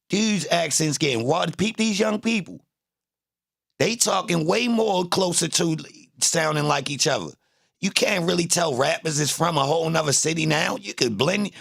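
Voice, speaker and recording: A man's voice: on the high side, lively intonation, normal speed, creaky, a bit bright, no room sound, clean studio sound. A man talking in loose, emphatic, profane street-style commentary. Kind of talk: casual streamed commentary.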